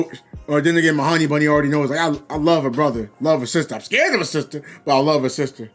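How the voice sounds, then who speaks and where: A man's voice: fairly high pitch, lively intonation, quick pace, soft background music. A man streaming a game, chatting casually and rambling, acting out quoted voices of other people. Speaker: gaming livestreamer. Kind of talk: casual livestream chat.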